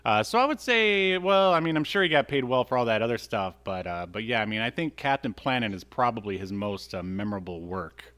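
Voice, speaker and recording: A man's voice: mid-range voice, expressive, a little fast, few pauses, bright, forceful tone. Chatty podcast guy, lots of fillers. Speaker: podcast co-host. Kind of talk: casual chat about a cartoon.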